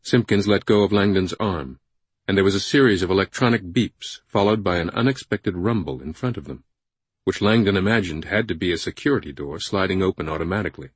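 Deep, husky thriller audiobook narrator. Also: male voice, fairly quick, no echo.

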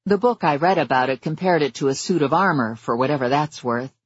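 A man narrating a first-person story in a measured, wry way. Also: on the high side, husky, no echo, highs cut off. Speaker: audiobook narrator.

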